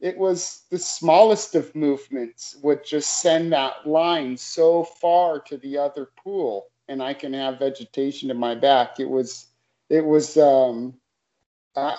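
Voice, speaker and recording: Mellow-voiced man telling a fishing story. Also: on the high side, slow pace, highs cut off. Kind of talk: casual storytelling.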